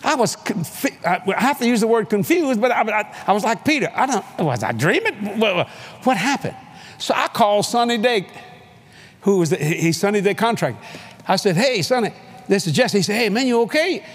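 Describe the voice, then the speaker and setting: A man's voice: high voice, expressive, a little fast, husky. An older man preaching, telling a story with acted-out voices, hollers and laughs. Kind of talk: animated storytelling sermon. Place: large convention hall.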